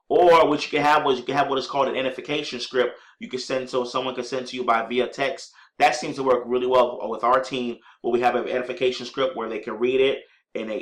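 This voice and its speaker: A man teaching network marketing conference-call skills with enthusiasm, often addressing listeners as ladies and gentlemen and acting out sample greetings. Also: medium pitch. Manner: acts out sample call lines in an upbeat voice. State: clearing a scratchy throat. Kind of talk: instructional talk on running conference calls. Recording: echoey room.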